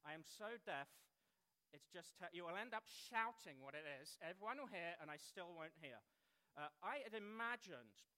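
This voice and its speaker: An English man in his thirties preaches with a high, bright voice. He keeps it lively and pokes fun at himself with quick asides to the room. His tone is light and bright. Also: smooth. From England. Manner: lively, self-deprecating, jokey asides. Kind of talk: sermon talk.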